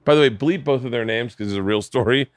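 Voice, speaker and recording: A man's voice: mid-range voice, quick pace, no room sound, clean studio sound. A man hosting a podcast, telling a rambling story with lots of swearing and acted-out voices. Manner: animated, profane, acts out voices and yells in stories. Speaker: podcast host. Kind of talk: casual chat, storytelling. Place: home studio man cave.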